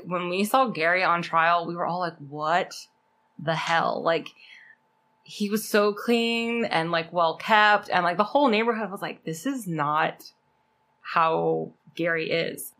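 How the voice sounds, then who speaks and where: A woman's voice: fairly low pitch, a bit bright. A young woman co-hosting a podcast, telling a true-crime story in a chatty, casual way, full of fillers and the odd swear word. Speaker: podcast co-host.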